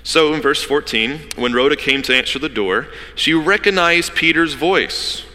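A man preaching a sermon as pastor, telling the story with lively asides and acting out the people in it. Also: on the high side, long reverb tail. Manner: animated storytelling, acting out characters in quick asides.

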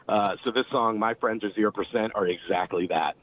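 Deep-voiced man on a tinny line. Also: a little fast, hardly any pauses. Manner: rambling, many fillers and restarts. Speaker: guest musician. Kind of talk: casual interview chat. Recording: tinny phone-like line, faint hiss.

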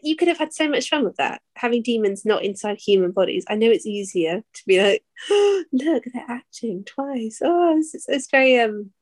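A woman's voice: mid-range voice, expressive, fairly quick. A woman co-hosting a podcast in casual chat, easygoing and trailing off as she hedges her opinions. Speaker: podcast co-host.

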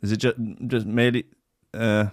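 A man's voice: lowish voice, level tone, moderate pace, dry recording, clean studio sound. A man hosting a casual streamed podcast, rambling and sweary, with a mocking manner. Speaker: podcast host. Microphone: headphones and desk mic.

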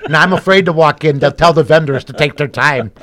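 A man's voice: a little high, a little fast, crowd noise. A man from Chicago, a guest in a casual chat, telling rambling stories full of "you know, I mean" asides.

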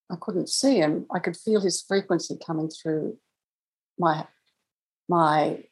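A woman with a husky, somewhat low voice tells a personal story as a podcast guest. She speaks reflectively and conversationally, often pausing and breaking into small laughs. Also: darkish tone, rough recording. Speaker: guest, angel communicator.

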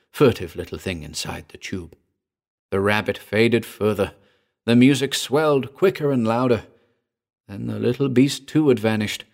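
Low-voiced man narrating a weird tale. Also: creaky. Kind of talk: first-person story narration.

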